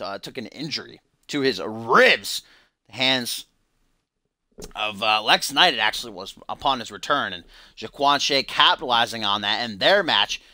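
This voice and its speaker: A man's voice: medium pitch, pushed and bright, dry recording, clean studio sound. A man giving casual, joking play-by-play commentary on a wrestling video game, in a profane sportscaster style.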